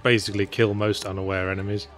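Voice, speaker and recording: A man's voice: fairly low pitch, flat delivery, quick pace, a bit bright, soft background music. A man co-hosting a casual let's play, explaining the game in a dry, sardonic way. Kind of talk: casual gameplay commentary.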